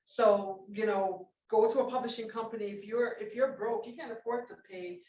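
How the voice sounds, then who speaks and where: A woman's voice: fairly high pitch, fairly even intonation, moderate pace, darkish tone, slight background noise. A woman speaking as a publisher on a panel, earnest and often adding "you know" and "right?". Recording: roomy, distant audio.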